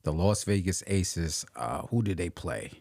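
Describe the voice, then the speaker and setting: A man's voice: sits low, lively intonation, a little slow, gravelly, a little mellow, no room sound, studio quality. A man co-hosting a podcast, steering the sports talk and stressing statistics. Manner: leads topics, emphasizes stats. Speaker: podcast co-host. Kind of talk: casual sports chat.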